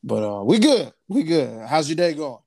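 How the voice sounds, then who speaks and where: A man's voice: a little high, very animated, normal speed, vocal fry, warm tone, breathy edge, dry recording. A man hosting a casual podcast chat, laid-back, repeating his phrases and laughing easily. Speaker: podcast host.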